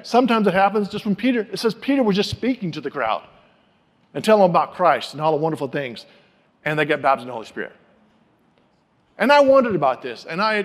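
Animated male preacher in a reverberant hall. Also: high-pitched. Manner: animated, acts out quoted voices. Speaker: pastor. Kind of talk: sermon storytelling.

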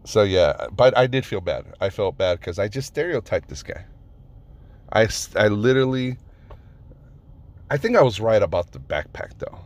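A lower-voiced man spinning a casual story as a rant, cursing freely. He rambles, trips over his sentence starts and leans on "um" and "like" as he goes. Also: lively intonation, normal speed, long pauses, darkish tone. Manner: rambling, profane, many fillers and restarts.

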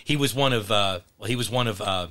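Male podcast co-host, bright and chuckling, with an explaining manner. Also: fairly low pitch, a little fast. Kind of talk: casual chat.

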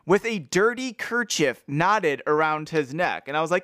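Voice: medium pitch, lively intonation, measured pace, hardly any pauses, a bit bright, smooth, no room sound. A playful podcast co-host reads passages from a book and jokes about them. The voice swoops all over its range, and the recording is dry and close, with no room sound. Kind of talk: casual book-discussion chat.

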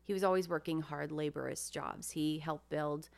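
A woman's voice: sits low, steady tone, normal speed, creaky. A woman co-hosting a podcast, telling a family story in a chatty, wry way and thinking aloud as she goes. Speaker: podcast co-host. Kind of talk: casual storytelling chat.

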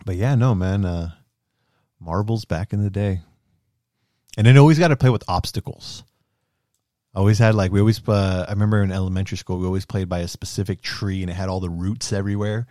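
A man's voice: low-pitched, brisk, warm tone, no echo, clean studio sound. A young man co-hosting a casual live stream chat, swearing freely and laughing often. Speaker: stream co-host.

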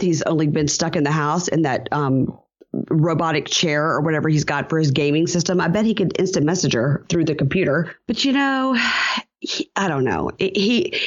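Chatty low-voiced woman podcast host. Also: muffled recording. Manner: chatty, laughs often, acts out quotes in voices. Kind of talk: casual recap chat.

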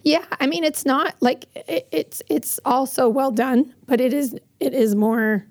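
A woman podcast co-host talking in a casual chat with a hoarse, strained voice, rambling with many fillers. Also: high-pitched, unhurried, a little mellow, dry recording. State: hoarse, strained voice after losing it.

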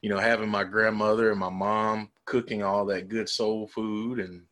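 A man from South Carolina with a Southern US accent, co-hosting a podcast in relaxed, halting chat. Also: lowish voice. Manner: relaxed, halting, restarts often. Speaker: podcast co-host.

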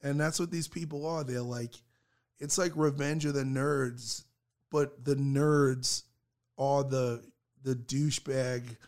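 A man's voice: medium pitch, slow pace. Profane, rambling podcast host, man. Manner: profane, rambling, animated storytelling. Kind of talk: casual chat.

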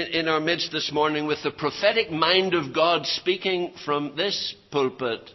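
An older man delivers an earnest sermon from the pulpit. His voice sits a little high and he leans on repeated phrases for emphasis. The church recording sounds dull and muffled. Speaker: pastor.

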